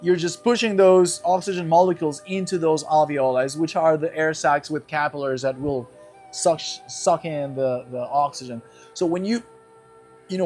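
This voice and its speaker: A man teaching a guided breathing lesson, explaining each step and checking in with his class as he goes. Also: fairly high pitch. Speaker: breathwork instructor.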